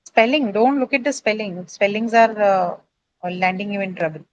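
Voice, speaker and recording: A woman's voice: medium pitch, normal speed, no room sound, lo-fi sound. A woman teaching English pronunciation in an online class, explaining patiently step by step and checking in with tag questions.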